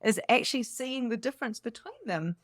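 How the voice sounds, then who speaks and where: A woman's voice: on the high side, fairly quick, dry recording. Chatty laughing woman, dry close sound. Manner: chatty and rambling, laughs often; animated and enthusiastic. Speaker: spiritual coach. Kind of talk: casual unscripted monologue.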